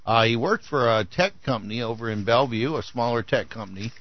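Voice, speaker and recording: A man's voice: mid-range voice, fast, lo-fi sound. A man co-hosting a radio talk show, retelling news stories casually with frequent fillers. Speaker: radio co-host.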